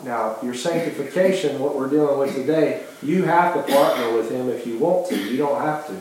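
A man's voice: mid-range voice, normal speed, darkish tone. A man preaching a sermon with passion, often restarting phrases and acting out quoted dialogue. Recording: very echoey hall.

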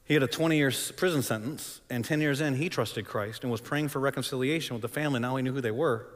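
A man preaching a sermon, telling a story dramatically and swinging between loud and hushed delivery. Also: mid-range voice, fast, big-room sound. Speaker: pastor.

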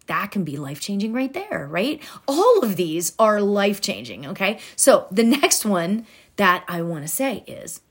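Slow, earnest woman giving motivational talk. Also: medium pitch, sing-song, husky. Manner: earnest, drops to soft near-whispers for affirmations; talks directly to the listener with many "right?" tags. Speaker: self-help speaker.

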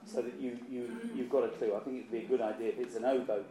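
A man's voice: medium pitch, steady tone, fast talker, a crowd in the background. Male choir director, chatty and encouraging, echoey rehearsal room, group noise behind. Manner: chatty, encouraging, repeats words while thinking. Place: rehearsal hall.

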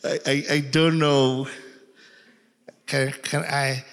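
A man preaching a sermon, telling the story in an animated way with acted quotes. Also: medium pitch, takes it slowly, big-room sound. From Uganda. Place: church.

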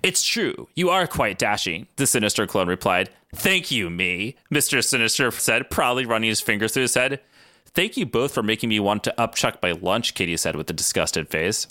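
A man co-hosting a podcast, reading fan fiction aloud in an animated way and breaking into laughs. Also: lowish voice, moderate pace, no echo, studio quality. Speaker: podcast co-host.

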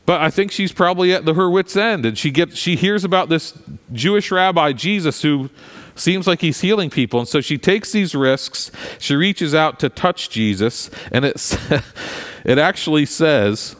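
A pastor giving a sermon in a conversational, animated way, with frequent asides to the congregation. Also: male voice, on the high side, moderate pace. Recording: long hall reverb.

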